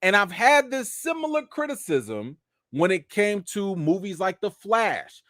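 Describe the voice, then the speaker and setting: Male host, lively swooping delivery, dry close sound. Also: high voice, measured pace, dry recording. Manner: animated, talks straight to viewers, acts out quotes. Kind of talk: live chat commentary.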